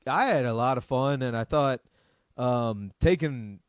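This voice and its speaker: A man's voice: mid-range voice, a little slow, clear, resonant tone, no room sound, studio quality. A man co-hosting a podcast in a casual, laid-back chat, laughing often and calling everyone dude. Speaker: podcast co-host.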